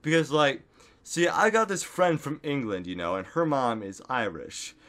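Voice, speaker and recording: At home, a man vlogs into a desktop studio microphone in a casual, rambling monologue. He's goofy, full of fillers and sudden silly outbursts. His voice is medium-pitched and fairly bright, with lively intonation and a moderate pace.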